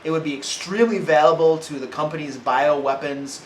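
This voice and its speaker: A man narrating and refereeing a tabletop role-playing game in a relaxed, conversational way. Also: fairly high pitch, a little fast. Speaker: game master. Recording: echoey room, distant background noise.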